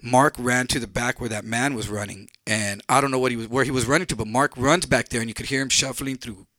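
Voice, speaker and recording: A middle-aged man from Texas tells a true story to a live audience, candid and blunt, swearing casually. His voice is bright and forward, and the sound is dry and close with no room around it. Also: mid-range voice, steady tone, fast, no room sound. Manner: candid, blunt, profane, conversational.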